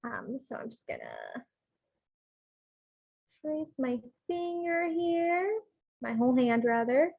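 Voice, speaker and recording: Female kids' presenter, gentle and instructive, slow delivery, slightly high voice. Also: huge pitch swings, vocal fry, narrow, tinny audio. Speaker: children's program presenter. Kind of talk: storybook reading and craft tutorial for kids.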